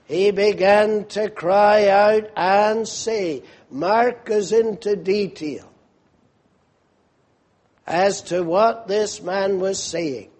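A man's voice: sits high, extremely slow, a little mellow. A male preacher delivering a sermon, retelling a scene vividly and asking listeners to picture it.

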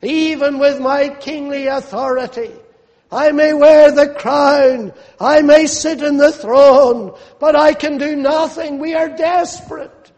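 A man's voice: very high-pitched, fairly even intonation, slow, a little mellow, voice pushed up, exaggerated voice. A man voicing a desperate, powerless king who cries out in anguish. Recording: long hall reverb.

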